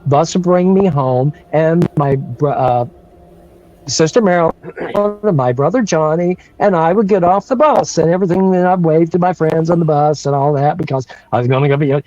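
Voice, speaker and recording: A man's voice: a little high, normal speed, darkish tone, highs cut off, faint music behind. Rambling man in his sixties. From North Carolina. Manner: rambling, with restarts and chuckles. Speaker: guest storyteller. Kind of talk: casual storytelling on a livestream.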